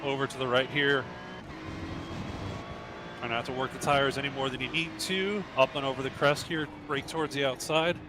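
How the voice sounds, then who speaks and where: A man's voice: medium pitch, fairly even intonation, moderate pace, pauses often, noisy background. A man coaching as he drives on a live stream in a sim racing club, calling out short, clipped driving instructions in a running commentary.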